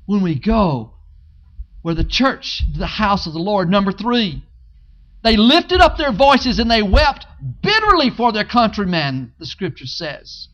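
A man's voice: high-pitched, sing-song, takes it slowly, a bit bright. A man preaching a sermon as pastor. He swells and drops his emphasis and repeats key phrases. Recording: dull lo-fi sermon recording.

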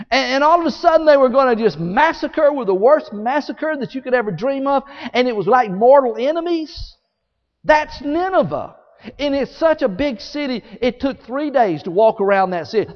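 A man preaching a sermon as a story, animated and folksy, acting out scenes with sound effects. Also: very high voice. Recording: echoey hall, dull sound.

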